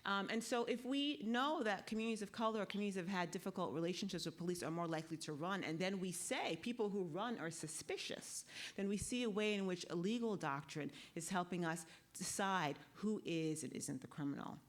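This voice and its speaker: A woman with a low-pitched voice gives a conference panel talk as a law professor. She lectures in an easy, conversational way and keeps checking in with the audience through quick tag questions. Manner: walks the audience through a guided exercise.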